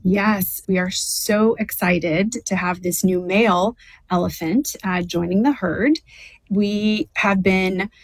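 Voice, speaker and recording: A woman's voice: mid-range voice, slow pace, no echo, rough recording. Enthusiastic woman zoo official. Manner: enthusiastic, with frequent fillers. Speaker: zoo official interviewed as a guest. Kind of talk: interview answers.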